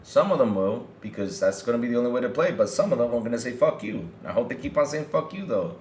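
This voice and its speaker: The speaker is a man of medium pitch who talks fast; the audio is reverberant with slight background noise. He runs a gaming podcast, reading news and tearing into it with animated, profane mockery as he talks to chat.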